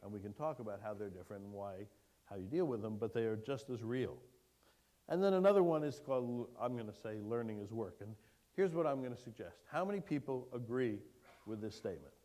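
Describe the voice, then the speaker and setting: A man giving a keynote lecture to an audience, lively and engaging, putting questions to the room. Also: on the low side, fairly quick. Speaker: keynote speaker. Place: lecture hall before an audience.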